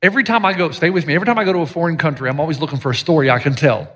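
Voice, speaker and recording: A man preaching a sermon as pastor, animated and joking, with sudden shouted lines. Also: a little high, very fast, a little hiss or hum. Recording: live sermon with long hall reverb.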